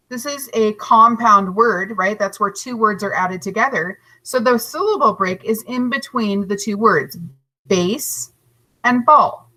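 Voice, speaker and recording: A woman teacher giving a recorded lesson to young children, stretching out each word slowly and encouraging them. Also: fairly high pitch, bright, forceful tone, rough recording. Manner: slow, drawn-out modeling of words, encouraging.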